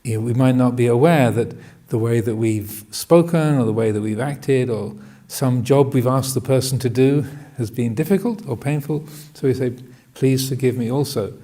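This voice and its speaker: A man giving a Buddhist dharma talk, hesitant and full of restarts, often laughing gently. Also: medium pitch, normal speed, few pauses. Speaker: Buddhist monk teaching.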